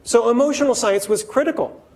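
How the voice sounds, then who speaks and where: A man with a notably high voice gives a keynote talk to a workplace audience. He addresses the listeners directly and slips into little acted-out voices when he quotes people. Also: a little fast, poor audio. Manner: lively, acts out quoted voices, talks straight to the audience. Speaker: keynote speaker.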